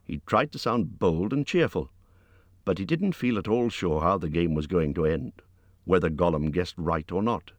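A man reading a storybook aloud in a measured narrating voice, lifting his pitch for the hero's lines. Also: lively intonation, no echo. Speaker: audiobook narrator.

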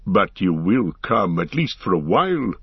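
A man's voice: on the low side, a little slow, husky, no echo. A man voicing a proud, fervent tall warrior in an audiobook, impassioned, pleading and raging. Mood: eager. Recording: slightly dull lo-fi recording.

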